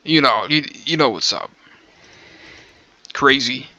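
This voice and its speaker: Hoarse, bright-voiced rambling streamer man. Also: mid-range voice, lively intonation, takes it slowly, dull audio. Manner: rambling, profane, slangy, calls listener bro. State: hoarse from smoking. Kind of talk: casual stream chat.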